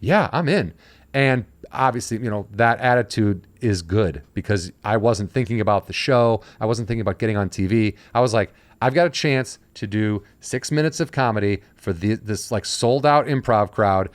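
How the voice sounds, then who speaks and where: A man's voice: on the low side, moderate pace, hardly any pauses, dry recording. A man hosting a casual podcast chat, telling stories and acting out the people he quotes. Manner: storytelling, acting out quoted voices. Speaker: podcast host.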